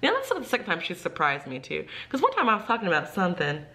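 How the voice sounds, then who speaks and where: A young woman tells a vlog story in a lower voice that swings widely up and down. She acts out quotes from her students and fills her talk with "like". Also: quick pace. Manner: animated storyteller, many "like" fillers, acts out quotes. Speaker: ESL teacher and vlogger.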